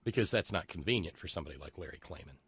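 Sarcastic male commentary host, lively pitch. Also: racing, husky, no room sound. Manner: sarcastic, mocking, profane.

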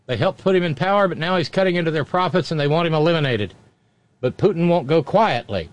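A man's voice: fairly high pitch, animated. A man hosting a commentary show, reading news items and breaking in with sarcastic, mocking asides. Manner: wry, mocking, quick interjections.

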